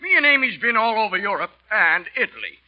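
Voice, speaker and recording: A rowdy cowboy pal hollers folksy slang in a high voice. He comes through a muffled old radio broadcast. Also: very animated, brisk. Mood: hearty. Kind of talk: 1940s radio acting.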